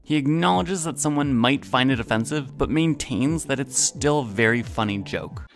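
Measured analytical male narrator. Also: medium pitch, expressive, gravelly, soft background music. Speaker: video essay narrator. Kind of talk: scripted narration.

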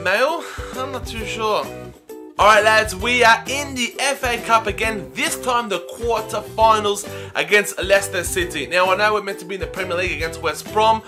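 A young man commentating live over a video game, chatting to viewers and shouting when play gets exciting. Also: high-pitched. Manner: chatty, addresses viewers as lads. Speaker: gaming YouTuber.

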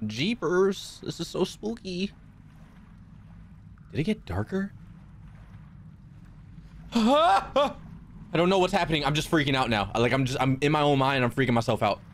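A man's voice: a little high, lively intonation, measured pace, pauses often, a little hiss or hum. A young man streaming a horror game, jumpy and swearing a lot as he talks to his chat and to himself. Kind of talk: live horror gameplay commentary.

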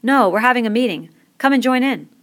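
A woman voicing a calm, friendly young boy who calls the meeting. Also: fairly high pitch, fairly quick, pitched above the performer's own voice. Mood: steady. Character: calm fair-haired boy who becomes chief.

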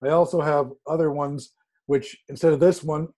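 A man telling a story in a casual, animated way, acting out quoted dialogue with sudden jumps in pitch. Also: moderate pace. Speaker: guest speaker.

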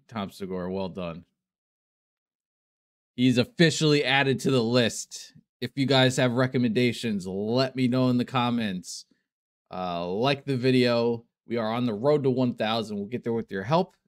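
A young man hosting a reaction channel, talking casually and swearing easily as he wraps up the video. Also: fairly low pitch. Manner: laid-back, swears casually, trails off quietly.

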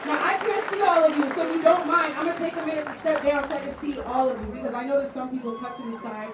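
A woman's voice: high voice, fairly even intonation, fast talker, recorded from a distance. A woman emceeing a rally, hyping the crowd with casual call-and-response. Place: outdoor rally at a school. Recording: echoey PA from afar, crowd noise. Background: cheering crowd.

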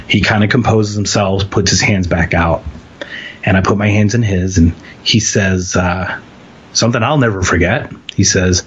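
A man from Philadelphia, an interview guest, telling a personal story in a lively way and acting out the quoted voices. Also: low voice, a little slow, husky, highs cut off. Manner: animated storyteller, acts out quotes.

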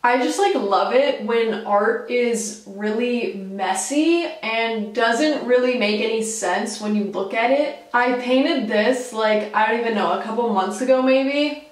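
A young woman with a slightly high voice chats casually to her viewers from her room, full of "like" and "literally" and the odd swear word. She is recorded on the camera's built-in mic, so she sounds a bit distant in a roomy space. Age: young adult. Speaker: vlogger. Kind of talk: casual chatty vlog. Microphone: camera mic, no external mic.

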